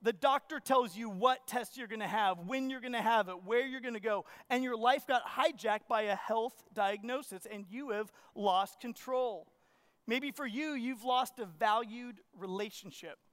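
Male pastor, high tenor, animated storyteller who preaches straight to his congregation. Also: moderate pace. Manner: animated storytelling, acts out his own panic; asks the congregation questions. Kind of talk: sermon. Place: church.

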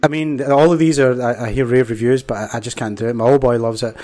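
A man's voice: medium pitch, steady tone, fast talker, a little mellow. A man with a Scottish accent hosting a casual sports podcast chat, laughing often and calling people mate. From Scotland. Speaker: podcast host.

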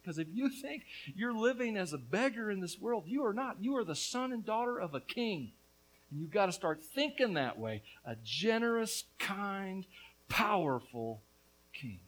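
A middle-aged man preaching a lively, joking sermon, with quick asides to the congregation. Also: fairly high pitch, poor audio. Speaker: pastor.

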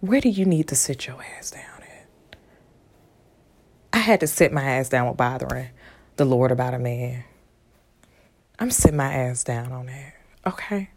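A woman giving casual motivational talk, frank and animated with lots of profanity, sometimes dropping into a hushed whisper. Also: mid-range voice. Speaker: vlogger and spiritual speaker.

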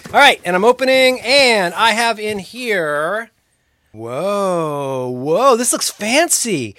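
A man co-hosting a podcast, playful and swinging into mock-serious deadpan. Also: sits high, takes it slowly, slight background noise. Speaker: podcast co-host. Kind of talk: casual comedic chat.

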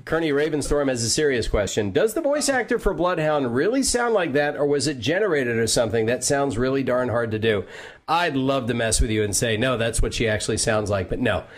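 A man's voice: medium pitch, big pitch swings, brisk. Chatty male podcast host. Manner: chatty, loose, full of fillers and asides. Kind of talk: casual interview chat, reading viewer questions. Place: home voice booth.

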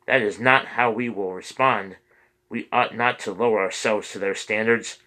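A man's voice: fairly low pitch, fairly even intonation, moderate pace, bright, forceful tone, low-quality recording. Earnest priest pleading for peace, read by a man. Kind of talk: audiobook character reading.

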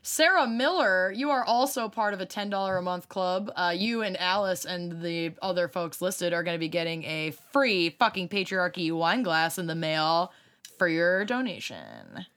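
A woman's voice: lowish voice, big pitch swings, normal speed, a bit bright. A woman co-hosting a podcast, reading out supporter names in playful, profane casual chat and laughing often. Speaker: podcast co-host.

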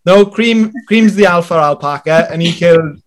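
Man telling a story, keeps correcting himself, voice a bit on the high side. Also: normal speed, crowd noise. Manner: rambling, self-correcting. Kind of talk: anecdote in casual chat.

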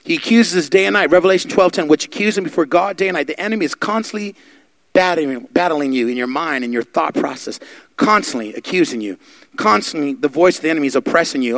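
A man preaching a sermon, fervent and building to loud exhortation. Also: fairly high pitch, expressive, brisk, no echo.

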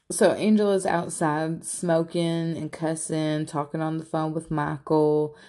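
A woman's voice: low-pitched, little pitch movement, a little slow, hardly any pauses, warm tone. A woman casually recapping a reality show in a blunt, profane, gossipy manner.

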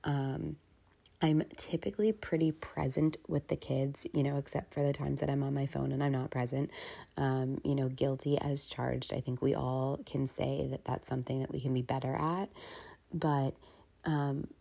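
A woman's voice: a bass voice, flat delivery, moderate pace, gravelly, dark tone. A woman in her thirties talking frankly and casually in a personal vlog as a working mother. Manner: frank, confessional, casual with fillers. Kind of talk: candid personal vlog talk.

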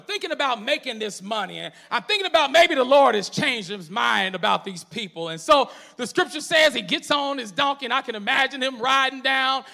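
A man's voice: very high voice, gravelly, sharp tone. A man preaching a sermon, telling the story in a folksy way and calling out to the congregation for responses.

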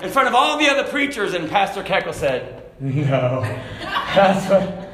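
High-pitched guy preaching, shouts then goes quiet, echoey church sound. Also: big pitch swings, moderate pace, a little hiss or hum. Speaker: pastor. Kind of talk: sermon.

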